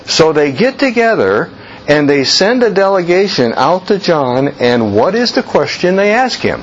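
A man teaching a Bible class as a pastor, speaking with slow emphasis and putting questions to the group. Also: sits high, very animated. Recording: muffled church recording with faint hiss.

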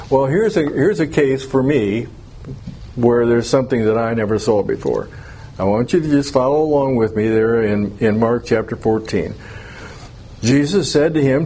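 A man's voice: medium pitch, expressive, normal speed, dark tone, slightly rough. A man teaching an informal Bible class, conversational, putting questions to the group and chuckling now and then.

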